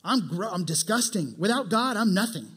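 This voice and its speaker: A man voicing a humble tax collector who quietly pleads for mercy in prayer. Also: sits high, expressive, moderate pace, slightly rough, exaggerated voice. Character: humble, contrite male tax collector praying.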